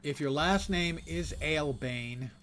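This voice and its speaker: A man's voice: on the high side, unhurried, a bit bright, faint music behind. An older man giving rambling, wry live commentary while he plays a game. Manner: wry, rambling, self-mocking asides. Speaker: game streamer.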